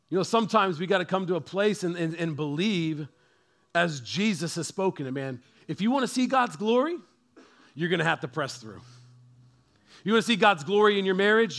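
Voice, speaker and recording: A man preaching a sermon as pastor, talking casually and building from quiet storytelling to loud, fervent preaching. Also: sits high. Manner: talks in a casual, slangy way.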